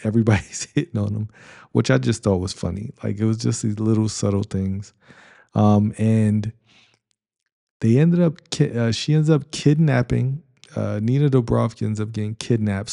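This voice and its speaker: A man's voice: lowish voice, creaky, warm tone. A middle-aged man hosting a podcast, casually reviewing a comedy in a rambling way, with many fillers and restarts. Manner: rambling, lots of ums and restarts, chuckling. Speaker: podcast host reviewing movies. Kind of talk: casual movie review monologue.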